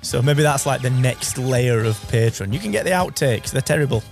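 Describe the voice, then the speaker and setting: A man in his thirties co-hosts a podcast in lively, casual chat. He laughs easily, and his voice sometimes cracks up high. His pitch sits in the middle, and he speaks into a studio mic. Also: fairly quick, creaky, soft background music. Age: 30s. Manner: excitable, giggly, voice cracks upward. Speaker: podcast co-host.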